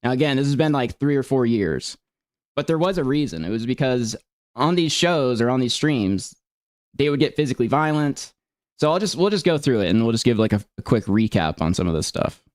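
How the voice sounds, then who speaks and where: A man's voice: mid-range voice, big pitch swings, fairly quick, a little mellow, no echo, clean studio sound. A man talking casually and earnestly while responding to allegations. He rambles and often restarts his sentences. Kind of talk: casual explanatory talk.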